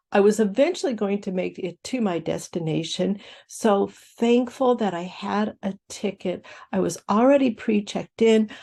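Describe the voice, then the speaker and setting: Slow, mellow-voiced woman giving gentle encouragement. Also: medium pitch. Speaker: host. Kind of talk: inspirational talk.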